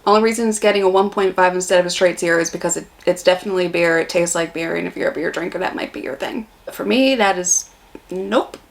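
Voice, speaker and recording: A woman's voice: on the low side, fast, vocal fry. A young American woman vlogging a casual beer taste test, chatty and blunt in her reactions. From United States.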